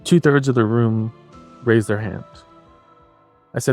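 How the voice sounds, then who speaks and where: A man's voice: medium pitch, unhurried, pauses often, darkish tone, no room sound, soft background music. A man guest on a podcast, talking earnestly and with passion, repeating his phrases for emphasis. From New Mexico. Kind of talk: earnest interview talk.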